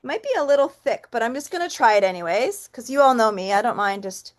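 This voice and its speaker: A fairly high-voiced woman leads a relaxed painting lesson in an easy, chatty tone. She thinks aloud as she works and drops to a soft count while stamping. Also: quick pace. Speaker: painting instructor. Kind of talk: relaxed step-by-step art tutorial.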